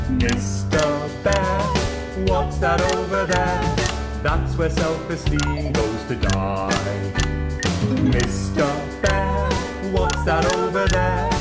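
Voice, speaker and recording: An actress singing as a gloomy balladeer in a slow, mournful way, in an echoey recording with guitar. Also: female voice, low-pitched. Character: gloomy female singer of a bleak song. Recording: echoey sung track with guitar.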